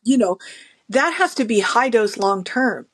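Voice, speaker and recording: A middle-aged woman, a podcast guest, talking in a casual conversational interview with animated storytelling. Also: fairly high pitch, a little slow, no echo, studio quality. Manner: animated storytelling, acting out quoted people.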